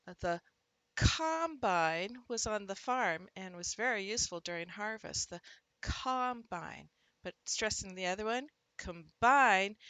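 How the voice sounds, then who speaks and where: A woman with a bright, clear voice walks teachers through a literacy lesson. She punches out syllables to show stress and calls the example words out loud. The sound is close and dry, with no room echo. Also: mid-range voice. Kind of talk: instructional talk to teachers.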